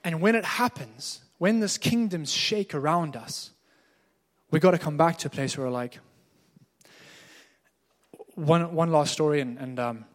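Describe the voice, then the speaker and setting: A man with a voice on the high side speaks a little slowly, pausing often. He's a pastor preaching a sermon in a church hall, telling stories in a candid, informal, conversational way, and the hall is echoey.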